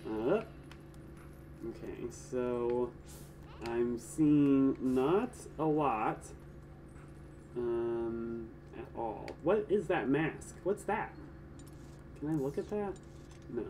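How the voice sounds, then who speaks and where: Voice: medium pitch, expressive, drawn-out words, long pauses, warm tone, recorded from a distance, slight background noise. A gaming streamer giving casual live gameplay commentary, joking around, chatting to viewers and making goofy sound effects. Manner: playful and jokey, chatting to viewers.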